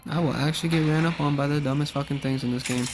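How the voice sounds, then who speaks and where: A man's voice: a little high, steady tone, fast talker, background noise. A young man giving live gameplay commentary, ranting angrily and cursing at the game. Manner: angry profane ranting. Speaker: gamer.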